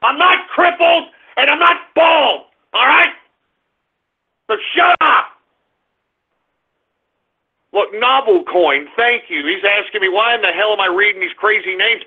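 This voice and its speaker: A man hosting a radio show, ranting in exasperation at his chat room, swinging between groans and shouts. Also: high voice, animated, normal speed, hardly any pauses, husky. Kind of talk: exasperated live call-in banter. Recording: tinny phone-line sound.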